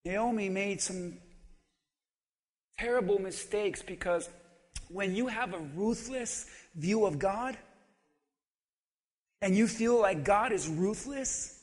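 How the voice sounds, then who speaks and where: A male pastor preaching an animated, humorous sermon that swings between shouting and quiet talk. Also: high-pitched, takes it slowly, long pauses. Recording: long reverb of a large hall.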